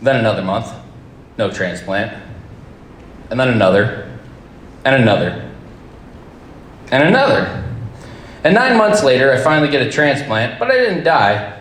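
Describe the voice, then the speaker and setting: A man tells a personal story live to an audience, with wry, deadpan humor and the odd curse. His pitch swings widely as he talks. The sound is roomy, with a faint hum of ambient noise behind him. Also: normal speed, long pauses. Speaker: storyteller at a campfire event.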